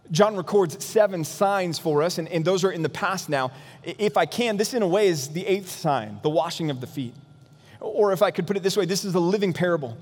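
High-voiced man preaching a sermon. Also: long reverb tail. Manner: earnest, emphatic preaching. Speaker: pastor.

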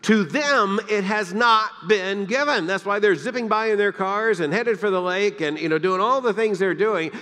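A man from the Deep South, preaching a sermon, emphatic and swinging between loud peaks and hushed, quiet lines. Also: moderate pace, few pauses, long reverb tail. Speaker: pastor. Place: church sanctuary.

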